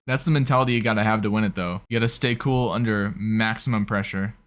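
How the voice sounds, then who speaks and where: A man with a lowish, steady voice talks fast as he hosts an anime reaction video, with a little hiss or hum in the audio. His casual commentary is earnest and gushing, and he tends to ramble on.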